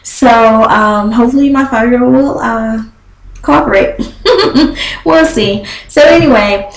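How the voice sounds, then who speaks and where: A woman's voice: fairly high pitch, measured pace, roomy sound, slight background noise, low-quality recording. A young woman vlogger giving a sassy, chatty recap, often slipping into mock voices. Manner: sassy, chatty, animated with laughs and quoted voices. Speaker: vlogger recapping a reality show. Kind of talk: casual gossip recap.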